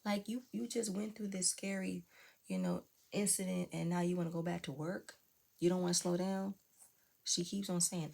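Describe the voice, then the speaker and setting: A woman's voice: on the low side, moderate pace, vocal fry, mellow. A woman giving casual, opinionated commentary on a reality show and talking straight to her viewers. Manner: chatty, opinionated, talks to viewers directly. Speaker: reality TV reviewer.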